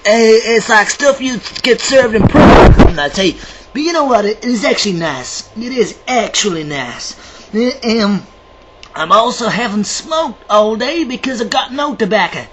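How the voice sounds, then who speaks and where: A man's voice: high voice, lively intonation, normal speed, noisy background. A man vlogging to camera in a rambling, chatty way, theatrical and self-described as dramatic. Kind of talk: rambling casual monologue to camera.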